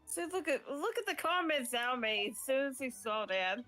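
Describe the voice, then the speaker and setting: A woman's voice: high voice, animated, normal speed, bright, forceful tone, faint music behind. A woman chatting casually and bluntly on a stream, swearing now and then. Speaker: stream guest on voice chat. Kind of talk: casual chat.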